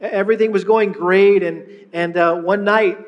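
A middle-aged man preaching a sermon, telling a personal story with lively retellings and frequent restarts. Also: high voice, moderate pace, long reverb tail, lo-fi sound. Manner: storytelling, animated, with many restarts. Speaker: pastor.

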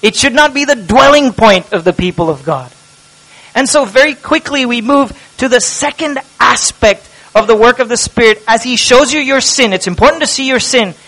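A man with a high, light voice preaches a sermon. He moves from hushed, tender lines to loud, impassioned cries, with a steady preaching pulse. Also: normal speed, rough recording. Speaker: pastor.

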